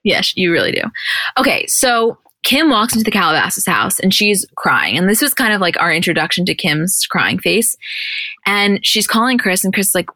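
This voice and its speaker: A woman's voice: on the low side, lively intonation, fairly quick, bright, forceful tone, dry recording. A woman co-hosting a podcast, casually recapping TV scenes and acting out the dialogue as she goes. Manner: chatty, retells scenes with quoted dialogue. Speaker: podcast co-host.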